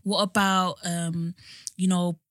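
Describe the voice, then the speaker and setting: A young woman talks casually on a podcast, slipping into quick quoted voices as she retells scenes. Her voice sits a little low. The sound is close and dry. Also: flat delivery, no room sound. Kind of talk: casual chat reviewing a reality show.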